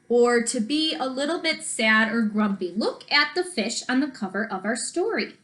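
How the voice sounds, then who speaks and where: A woman teacher giving a recorded lesson to young children, slow and encouraging, sounding out letters, then reading a storybook aloud. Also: on the high side, lively intonation, fairly bright tone.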